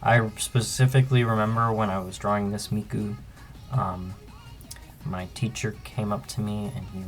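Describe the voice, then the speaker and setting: A young man in his own casual commentary as he pages through an old sketchbook, relaxed and rambling with frequent ums. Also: fairly low pitch, normal speed, faint music behind. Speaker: artist and channel host.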